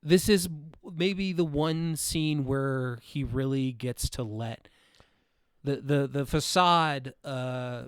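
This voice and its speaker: A man co-hosting a podcast, talking through a film in a halting, reflective way and searching for his words. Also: medium pitch, clear, resonant tone, no echo, clean studio sound. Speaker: podcast co-host. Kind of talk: casual film discussion.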